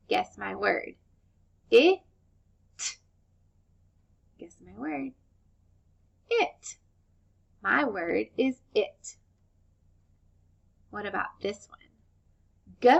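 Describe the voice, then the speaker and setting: A woman teaching young children phonics, sounding out words slowly and clearly and praising them warmly. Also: fairly high pitch. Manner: slow, clear sound-by-sound modeling, encouraging.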